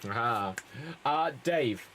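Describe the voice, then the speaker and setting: Lively rambling man hosting improv. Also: mid-range voice, slow, slight background noise. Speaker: improv comedy host.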